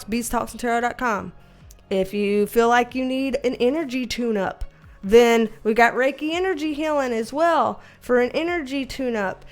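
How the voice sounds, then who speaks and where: A woman, a tarot reader chatting casually to her viewers in a loose, repetitive way. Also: sits high. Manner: chatty, loose and repetitive, talks baby-talk to a puppy. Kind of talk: casual vlog chat.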